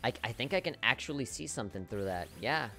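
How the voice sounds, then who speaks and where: A young man hosting a gaming video, who chats casually, jokes and swears, and reads the game's lines aloud with sudden jumps up in pitch. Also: expressive, fast, music in the background. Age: young adult. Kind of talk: casual game commentary, reading dialogue aloud.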